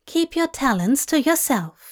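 A woman's voice: high-pitched, very animated, measured pace, voice pushed up. A woman voicing a flamboyant, doting bar-owner woman who teases and calls everyone love, in a storybook reading. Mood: teasing. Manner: breezy, teasing, calls people love.

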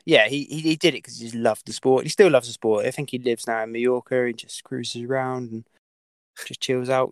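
A man's voice: mid-range voice, dry recording. A man telling a story as a podcast guest, with many fillers, restarts and the odd swear word. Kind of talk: casual storytelling.

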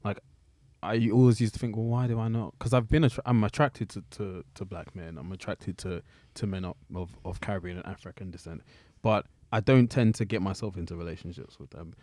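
A man's voice: fairly low pitch, fairly even intonation, fairly quick, mellow, no echo. A man talking candidly and reflectively in a casual podcast chat. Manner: candid, reflective, joking asides.

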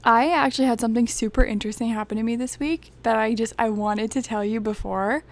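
A young woman co-hosting a podcast, telling a story in animated casual chat and saying "like" often. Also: on the high side, quick pace. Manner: animated storyteller, heavy use of "like". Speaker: podcast co-host.

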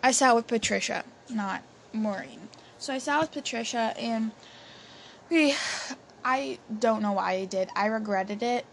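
A woman's voice: on the high side, a little slow, vocal fry. A young woman telling a personal story in a chatty way, with many fillers and restarts. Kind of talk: casual storytelling. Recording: faint background noise.

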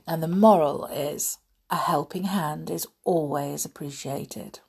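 A woman narrating a children's story in a gentle, friendly way and then warmly signing off to her listeners. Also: low voice, unhurried, gravelly, breathy edge. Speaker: storyteller host.

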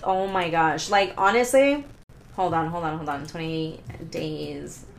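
A woman hosting a solo podcast, talking in an excitable, rambling way, swearing often, stopping herself and restarting, pacing as she talks. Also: lowish voice, normal speed, slight background noise. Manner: paces around while talking. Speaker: podcast host. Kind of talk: casual solo podcast rant.

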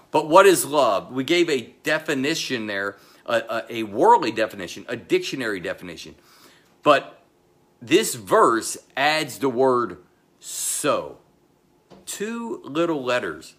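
A middle-aged man, the pastor, delivering a sermon in a slow, emphatic way, pausing often and dropping to a low voice, with chatty asides to the congregation. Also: big pitch swings. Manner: slow, emphatic delivery with pauses and sudden drops to a quiet voice.

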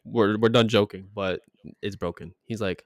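Young man, low voice, dry close sound, animated and laughing storyteller. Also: normal speed, no room sound. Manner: animated storyteller, laughs often, gets loud. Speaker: podcast co-host. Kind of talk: casual chat.

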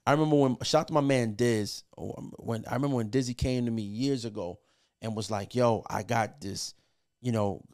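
A man's voice: mid-range voice, brisk, darkish tone. A middle-aged man, a music producer appearing as a podcast guest, telling stories casually with lots of cursing, fillers and restarts. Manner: profane, loose, filler-heavy with many restarts. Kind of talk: casual storytelling.

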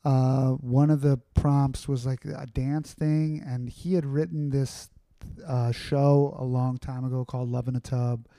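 A man chatting as a podcast guest, telling stories in a loose, rambling way full of fillers and restarts. His voice is very dark and mellow at a middling pitch. The sound is dry and close, with no room around it. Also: little pitch movement, unhurried, dry recording. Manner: rambling, filler-heavy, candid. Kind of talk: casual conversational storytelling.

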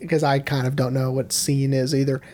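A man's voice: medium pitch, flat delivery, a little fast, a little mellow, slight background noise. A young man co-hosting a casual movie podcast, musing and hedging as he analyzes. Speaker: podcast co-host.

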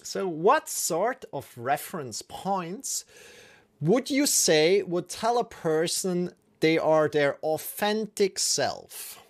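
A man with a slightly higher voice runs a casual interview, reading out questions from the audience and laughing easily between them. He comes across friendly and relaxed. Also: slow.

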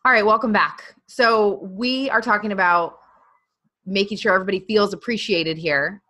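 A woman's voice: medium pitch, sharp tone. A woman co-hosting a podcast, leading segues and chiming in with supportive replies. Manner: supportive listener, brisk host segues. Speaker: podcast co-host. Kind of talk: casual chat.

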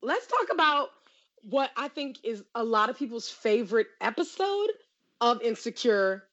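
A woman hosting a casual recap chat with friends, animated and laughing often. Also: fairly high pitch, normal speed, dull audio. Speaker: show host.

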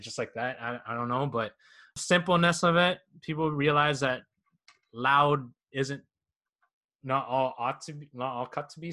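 A male podcast host with a bright, clear voice. He talks in a relaxed, rambling way and uses slang freely while he judges the panel. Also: medium pitch. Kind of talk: casual panel chat.

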